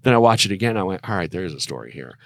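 A man's voice: low voice, big pitch swings, very fast, fairly bright tone, no room sound, clean studio sound. A man hosting a casual movie podcast, joking and rambling with many fillers. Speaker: podcast host.

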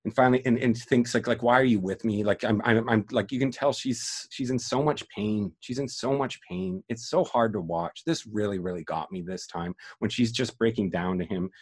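A man's voice: lowish voice, normal speed, few pauses, breathy edge. A man hosting a podcast, talking through a film in a rambling, emotional way with many restarts and some swearing. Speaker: podcast host. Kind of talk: casual film discussion.

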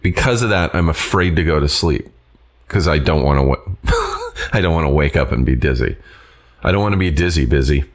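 A man's voice: rumbling low, huge pitch swings, fairly quick. A middle-aged man co-hosting a podcast, in laid-back casual chat, swearing freely. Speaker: podcast co-host.

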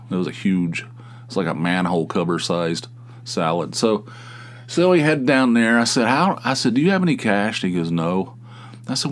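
A middle-aged man with a somewhat low voice hosts a podcast and tells a long personal anecdote. He talks casually and loosely, jumping sharply upward when he acts out what people said. His humor is wry and self-deprecating, with offhand swearing. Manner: animated, acts out quoted exchanges in a raised voice. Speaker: podcast host. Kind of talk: casual storytelling monologue.

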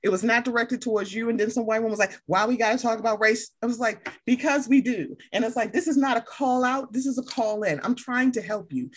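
A woman's voice: fairly high pitch, fast, hardly any pauses, husky. A woman hosting a casual chat, passionate and blunt, swearing freely and acting out the people she quotes. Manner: vividly acts out quoted people.

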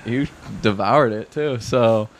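A man's voice: mid-range voice, takes it slowly. A man telling a story on a casual podcast chat, rambling with fillers and acting out quotes. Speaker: podcast co-host.

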